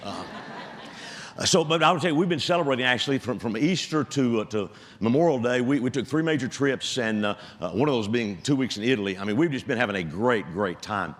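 Older pastor with hall echo. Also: male voice, mid-range voice, animated, fairly quick. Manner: self-deprecating storytelling, frequent restarts. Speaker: retired pastor. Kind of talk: sermon with a humorous story. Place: church sanctuary.

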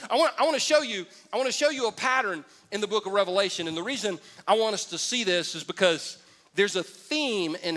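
A man preaching a lively sermon to a congregation, joking with the crowd and building up to shouts. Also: on the high side. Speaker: pastor.

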